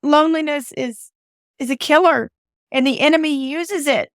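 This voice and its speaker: A woman's voice: high voice, normal speed, dry recording, studio quality. A woman with a Southern US accent hosting a podcast, talking in an earnest, emotional way that sometimes sounds like a preacher's appeal. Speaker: podcast host. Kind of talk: heartfelt podcast monologue.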